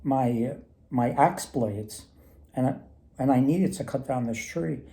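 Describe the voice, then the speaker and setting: A man's voice: mid-range voice, measured pace, mellow, natural voice. A man doing a poor, honest woodsman. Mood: sincere.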